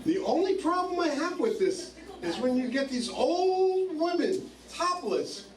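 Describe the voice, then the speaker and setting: A man's voice: very high-pitched, sing-song, measured pace, far from the mic. A man hosting a bar open mic, chatting with the crowd and telling crude stories about his wife. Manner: chatty, storytelling, crude jokes. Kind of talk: club emcee banter. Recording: roomy bar from afar, crowd noise.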